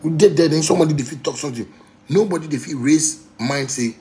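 A Ghanaian man ranting on a casual livestream, animated, with sharp swings from low mutters to loud outbursts. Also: fast talker, slight background noise. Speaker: musician on a livestream.

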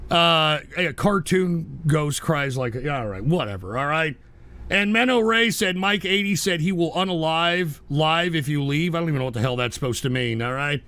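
Exasperated bright-voiced male streamer. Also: fairly high pitch. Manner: exasperated, ranting at chat. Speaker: live streamer. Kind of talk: live stream chat reading.

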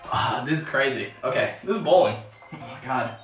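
A woman streaming a game, excitable and swearing often, yelling when she scores. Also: a bass voice, normal speed. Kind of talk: live game stream commentary. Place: bathroom. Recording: echoey bathroom, distant from mic, faint game music.

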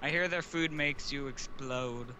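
A man's voice: mid-range voice, unhurried, heavy background noise. A man bantering playfully with another player in a game, often laughing. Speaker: fellow player.

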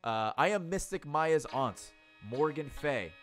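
A man's voice: on the high side, animated, measured pace, fairly bright tone, faint music behind. A man voicing a stern, haughty older woman who works as a spirit medium, speaking formally while reading game dialogue aloud.

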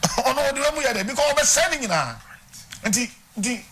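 A man's voice: very high-pitched, lively intonation, normal speed, bright, forceful tone, slight background noise. A man with a Ghanaian accent preaching a sermon, teaching and putting questions to his congregation. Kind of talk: sermon mixing Twi and English. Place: church.

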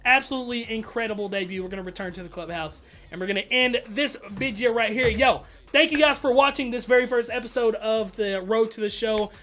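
A man giving casual, slangy commentary over his own gameplay, excitable and trash-talking, with loud outbursts. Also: sits high. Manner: slangy, keeps saying bro and dog. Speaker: gaming YouTuber.

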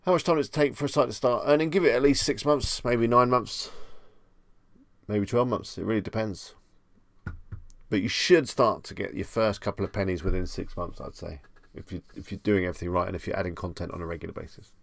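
Bedfordshire english guy doing a chill livestream, gravelly voice, dry close sound. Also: on the low side, fairly even intonation, a little fast, dry recording. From England. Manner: chatty and easygoing, answers viewer questions. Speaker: live stream host. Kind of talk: casual live stream chat. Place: home room at night.

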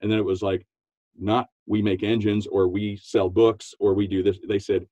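This is a man talking business on a podcast with real enthusiasm, laughing easily and slipping into quoted voices. His voice sits low and mellow. The sound is dry and a little lo-fi, like a remote recording. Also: fairly quick, no echo. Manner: animated, laughs often, acts out quotes in a high voice. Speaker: podcast guest, business coach. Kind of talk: enthusiastic interview talk.

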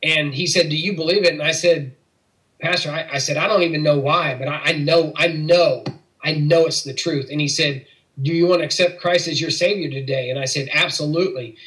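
Middle-aged man from Missouri, interview guest, earnest testimony, voices the people in his story, a touch higher-pitched than most men. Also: fairly even intonation, fairly quick, fairly bright tone, poor audio. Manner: earnest storytelling, acts out quoted dialogue. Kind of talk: personal faith testimony.

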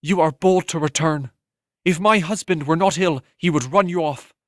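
Storybook farm wife, played by a man, cold and bitter, clipped lines, raised pitch, dry. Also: moderate pace, a bit bright, no echo, natural voice. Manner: cold and curt. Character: stern, resentful farmer's wife.

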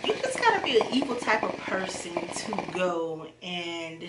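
A woman's voice: lowish voice, very animated, unhurried, hardly any pauses, fairly bright tone. A woman co-hosting a casual chat with a friend, giving emphatic, opinionated takes and stressing her words. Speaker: co-host friend. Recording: echoey room, faint background hiss.

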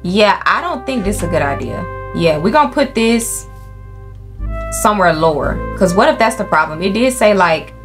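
Profane, animated young woman gamer. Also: mid-range voice, normal speed. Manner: animated, profane, talks to the game animals and viewers. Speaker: gaming YouTuber. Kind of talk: casual let's-play commentary. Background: faint game music.

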